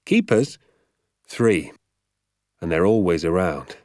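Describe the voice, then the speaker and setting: A man reading as a scheming, excitable father. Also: deep voice, takes it slowly, no echo, studio quality. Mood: plain. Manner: conspiratorial, hushed then fervent. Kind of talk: audiobook character voice.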